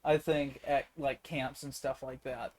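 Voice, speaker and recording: A man's voice: flat delivery, unhurried, darkish tone. A young man co-hosting a casual podcast, joking, swearing and acting out stories. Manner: joking, acts out quotes in high voices, swears. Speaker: podcast co-host. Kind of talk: casual chat.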